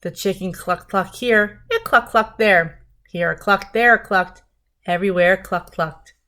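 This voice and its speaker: A woman reading a picture book aloud to children, gently pausing to talk to her young listeners about the pages. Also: medium pitch.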